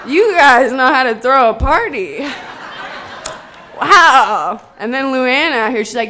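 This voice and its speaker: High-voiced joking woman in her twenties. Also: takes it slowly, a faint crowd, slight background noise. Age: 20s. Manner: excitable, joking, self-deprecating, rambling with fillers. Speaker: convention speaker. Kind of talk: speech to a live audience.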